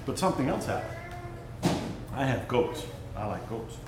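A man's voice: medium pitch, sing-song, normal speed. A man, a preacher, praying and then telling a folksy, rambling story to a church gathering, often asking his listeners simple questions. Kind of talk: prayer and folksy sermon storytelling. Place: church gathering, roomy hall. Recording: echoey room, far from the mic, ambient noise.

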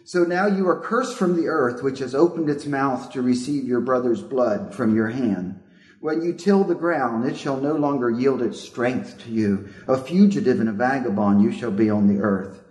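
A preacher voicing a stern divine judge who solemnly pronounces a curse. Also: male voice, medium pitch, moderate pace, darkish tone, reverberant, close to an everyday voice, low-quality recording.

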